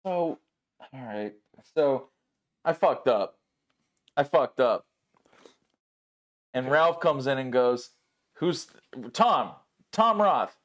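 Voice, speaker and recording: A man's voice: mid-range voice, slow pace, pauses often. A man hosting a casual podcast chat, telling stories with lots of swearing and acting out the people he quotes. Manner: animated, swears freely, acts out quoted people. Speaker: podcast host.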